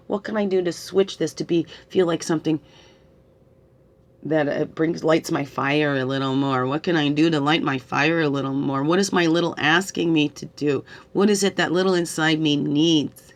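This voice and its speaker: Woman, middle-aged, tearful spiritual reader; coaxing questions, frequent "right?", reflective pace. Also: low-pitched. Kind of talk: reflective spiritual guidance talk.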